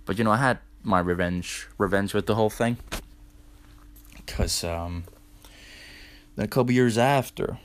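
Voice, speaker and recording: A man's voice: fairly low pitch, unhurried, pauses often. Laid-back young man telling a story. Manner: loose and profane, heavy on "dude" and "like". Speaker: podcast host. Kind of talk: casual storytelling monologue.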